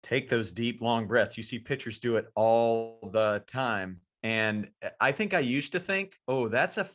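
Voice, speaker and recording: A man's voice: medium pitch, a little slow, fairly bright tone. A man co-hosting a podcast, a coach who talks earnestly about his players in a casual chat.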